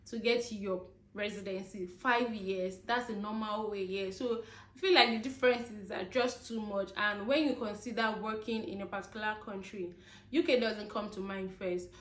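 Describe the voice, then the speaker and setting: A woman's voice: medium pitch, steady tone, normal speed, reverberant. A young woman from Nigeria, ranting casually to her viewers and laughing between points. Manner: chatty, laughing asides, addresses viewers as guys. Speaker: vlogger. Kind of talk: casual rant to camera.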